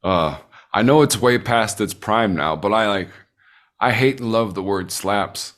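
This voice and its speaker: A middle-aged man hosts a loose podcast conversation in a fairly low voice. He asks relaxed, curious questions and drops casual swear words. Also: measured pace. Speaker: podcast host.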